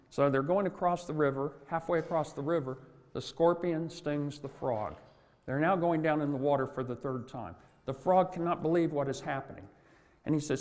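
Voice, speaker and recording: A man's voice: a little high, fairly quick, a little mellow. A man in his sixties giving a folksy, anecdotal motivational talk at a conference, in a large hall. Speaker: conference speaker. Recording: long hall reverb.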